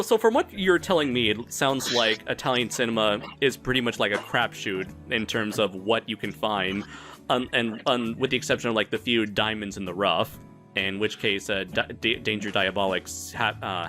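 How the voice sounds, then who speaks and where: A man co-hosting a casual film podcast, asking questions in a hesitant, halting way. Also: on the low side, pushed and bright, soft background music. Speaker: podcast co-host.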